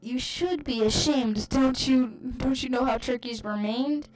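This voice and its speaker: A woman's voice: high voice, measured pace, a little mellow, pitched above the performer's own voice, rough recording. A woman reading aloud as a self-righteous aunt scolding her family. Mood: indignant. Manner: preachy and indignant.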